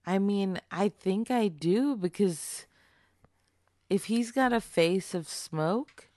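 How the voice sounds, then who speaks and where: A woman's voice: mid-range voice, takes it slowly, warm tone, no room sound. A woman guest playing along with a spooky hypothetical, earnest and easily spooked. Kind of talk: casual improvised chat.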